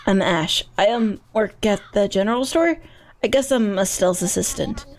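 A woman's voice: medium pitch, normal speed, natural voice. A woman voicing a shy young shop assistant who studies magic, hesitant and a little dry. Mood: laid-back. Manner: hesitant, mildly sardonic.

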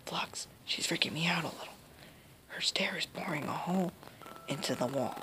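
A woman's voice: sits low, normal speed, bright, forceful tone, in a whisper, faint music behind. A woman doing casual let's play commentary with muttered asides. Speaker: gamer. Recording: noisy home recording.

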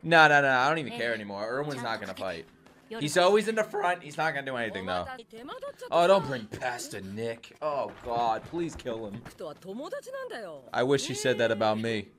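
A young man reacting to an anime episode, excitable and profane, yelling at the characters on screen. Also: mid-range voice, moderate pace, crowd noise. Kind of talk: live anime reaction commentary. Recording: music from the show playing behind.

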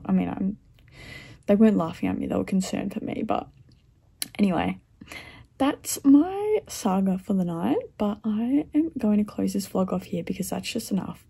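A woman's voice: mid-range voice, animated, moderate pace, gravelly, dark tone, slightly rough. A woman in her twenties talking casually to the camera in a vlog, chatty and blunt, swearing freely. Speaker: vlogger.

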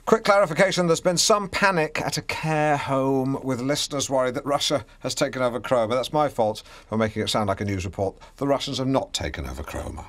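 A man's voice: mid-range voice, a little fast, few pauses, fairly bright tone, dry recording. Pompous, stammering male radio host. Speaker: radio presenter. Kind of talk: comedy radio show hosting.

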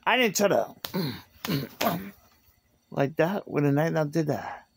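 A man's voice: on the high side, lively intonation, takes it slowly, vocal fry, slight background noise. A man in an aggrieved, repetitive rant, recorded on a phone. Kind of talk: angry rant to camera.

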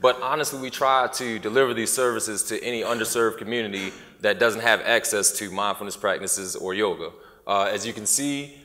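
A man's voice: on the low side, a little fast, bright, forceful tone. A man giving a conference talk in an easygoing way, with lots of uh and you know. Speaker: conference presenter. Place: conference hall. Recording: echoey hall.

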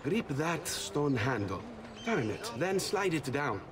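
La Volpe, a sly thief. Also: male voice, fairly high pitch, sing-song, takes it slowly. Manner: teasing, laughs easily. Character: sly, playful male thief leader, adult. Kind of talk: video game voice acting. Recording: game audio with crowd noise.

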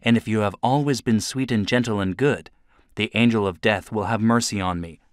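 A man doing a lonely old ghost, quiet and low. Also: normal speed, dry recording, studio quality, lightly acted. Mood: sad. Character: melancholy old male ghost, lonely and weary.

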